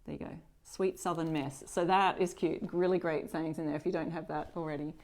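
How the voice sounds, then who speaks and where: A woman's voice: deep voice, steady tone, a little fast, darkish tone. Chatty woman hosting a live craft demo. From Australia. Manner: chatty, greets viewers, reads comments. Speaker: upcycling channel host.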